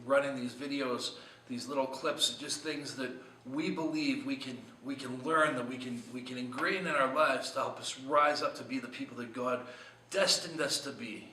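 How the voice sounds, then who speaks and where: A man's voice: mid-range voice, fairly even intonation, moderate pace, sharp tone, roomy sound, far from the mic, slight background noise, rough recording. A man preaching a short devotional sermon in an earnest, conversational way, asking his listeners many questions. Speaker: pastor.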